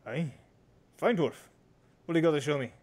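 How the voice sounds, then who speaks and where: A man voicing a gruff but friendly male dwarf king who says aye and lad. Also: on the high side, moderate pace, a little mellow, voice pushed up, lightly acted. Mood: jovial.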